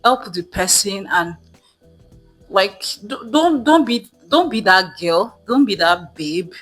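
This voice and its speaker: A woman's voice: medium pitch, sharp tone, poor audio. A young woman telling a storytime vlog, chatty with many fillers, acting out what people said. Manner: chatty, many fillers, acts out quoted dialogue. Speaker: vlogger.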